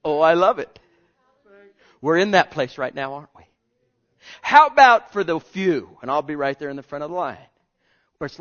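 A man preaching a sermon with passion, swinging between loud pleading and hushed, almost whispered lines. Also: on the high side, animated, moderate pace, pauses often. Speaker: pastor. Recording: lo-fi dull sound.

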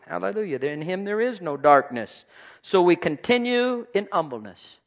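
A man preaching a sermon to his congregation, swinging between loud exclamations and soft asides. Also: sits high, big pitch swings, normal speed. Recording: dull lo-fi recording.

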